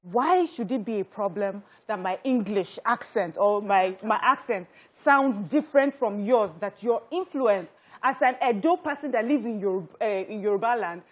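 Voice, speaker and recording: A woman's voice: mid-range voice, moderate pace, few pauses. A Nigerian woman co-hosting a studio talk show, explaining her point earnestly. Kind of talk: studio panel discussion.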